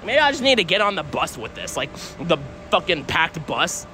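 A young man livestreaming while walking a city street, rambling, swearing constantly, and pitching strangers. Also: big pitch swings, moderate pace, noisy background. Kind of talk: live street streaming.

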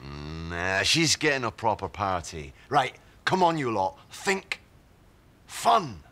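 Brief: a goofy, cheerful dad, bright and very lively. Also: male voice, lowish voice, slow pace, a little hiss or hum, full character voice. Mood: upbeat. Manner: upbeat and goofy. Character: goofy upbeat dad planning a party.

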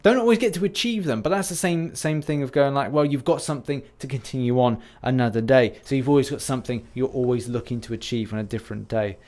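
A man's voice: mid-range voice, quick pace, few pauses, a little mellow. A British man talking casually over game footage as a YouTuber, rambling and jokey, making fun of himself. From United Kingdom. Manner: rambling, self-deprecating, jokey. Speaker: gaming YouTuber.

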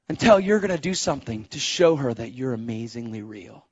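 A man preaching and telling a testimony story, animated, acting out the voices of people in his story and rising to shouts as he exhorts. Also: mid-range voice, brisk, few pauses, husky, lo-fi sound. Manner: animated, acts out quoted voices. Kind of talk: sermon storytelling.

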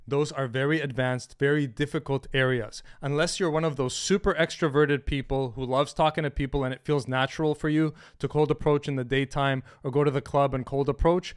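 A man's voice: mid-range voice, steady tone, a little fast, hardly any pauses, clear, resonant tone. A man talking as a dating coach in a brash, emphatic and profane advice monologue.

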